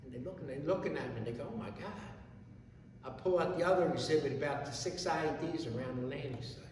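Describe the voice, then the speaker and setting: A middle-aged man, a Gold Star father and founder, telling his story in halting, plain words and often restarting. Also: a little high, a little mellow, slight background noise. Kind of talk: emotional personal testimony to an audience. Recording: echoey hall from far off, faint ambience.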